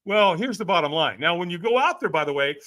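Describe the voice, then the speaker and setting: An older man, a personal development speaker appearing as a podcast guest, tells a story in an interview with great energy. His voice is high, bright and lively in intonation, and quick; he acts out the characters' voices and laughs often.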